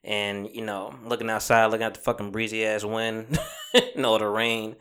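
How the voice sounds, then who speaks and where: A man's voice: on the low side, level tone, fairly bright tone, clean tone. A man hosting a podcast, chatting casually and telling a rambling story full of fillers and swearing. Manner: says he talks fast. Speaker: podcast host. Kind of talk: casual chat.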